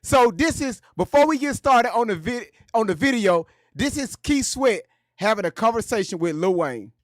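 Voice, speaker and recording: A man hosting a commentary channel, talking in an animated, joking way full of slang and profanity. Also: high voice, normal speed, no room sound, studio quality. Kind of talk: casual commentary.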